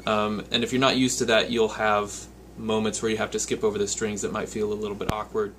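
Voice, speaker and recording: A man gives a guitar lesson, patiently explaining step by step and counting his picking strokes aloud as he plays. His fairly low voice is level and brisk, with slight background noise, and his own loud guitar playing sits behind it.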